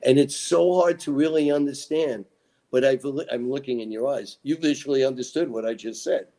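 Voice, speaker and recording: A man's voice: medium pitch, moderate pace, warm tone. A man being interviewed, an author and lecturer who tells rambling, dramatic stories and acts out his own quotes. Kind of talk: animated storytelling interview.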